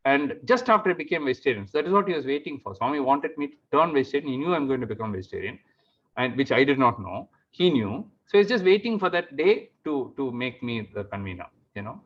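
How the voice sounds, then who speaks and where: A man giving a devotional testimony talk, telling his story in an animated way and acting out the dialogue. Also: medium pitch, quick pace. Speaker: speaker at a devotional gathering. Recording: muffled lo-fi sound.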